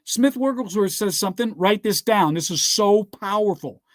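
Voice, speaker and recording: A man's voice: high voice, animated, normal speed, dry recording, clean studio sound. A man giving a motivational speech built on scripture, talking emphatically and often telling listeners to write things down. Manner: repeats "guess what" and "all right". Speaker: motivational speaker.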